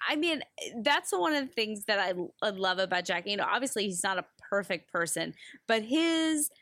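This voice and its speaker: A woman's voice: medium pitch, sing-song, normal speed, a bit bright, no room sound. A woman co-hosting a podcast, chatting enthusiastically and laughing often. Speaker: podcast co-host. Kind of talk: casual chat.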